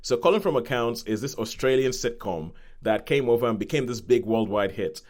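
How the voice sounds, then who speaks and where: Guy rambling about a tv show on his podcast, keeps correcting himself, average pitch. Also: animated, fairly quick, a little mellow. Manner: rambling, self-correcting, acts out quoted voices. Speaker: podcast host. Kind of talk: casual review chat.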